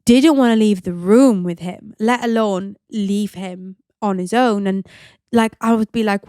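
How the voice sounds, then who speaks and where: A woman talks openly and chattily, the way a podcast host shares a personal story, with plenty of casual fillers. Her voice sits at an ordinary middle pitch for a woman. The sound is close and completely dry, with no room echo. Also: measured pace, mellow, clear, resonant tone. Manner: chatty and open, many "like" fillers.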